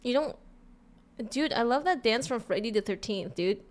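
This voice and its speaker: A bubbly woman with a Californian drawl chats on a live stream, her voice sitting a little on the high side. She giggles often and tumbles over her words, repeating them as she goes. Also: lively intonation, moderate pace. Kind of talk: casual live-stream chat.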